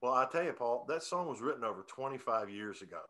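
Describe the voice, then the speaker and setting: Bright-voiced rambling songwriter man. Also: medium pitch, animated, quick pace. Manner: rambling, self-correcting, chuckling. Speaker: songwriter guest. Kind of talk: casual interview talk.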